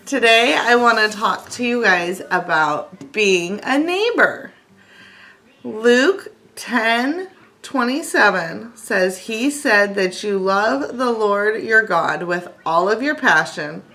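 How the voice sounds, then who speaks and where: A woman's voice: mid-range voice, bright, forceful tone. A woman in her thirties hosting a casual devotional talk, telling a personal story earnestly and reading scripture aloud. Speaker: channel host.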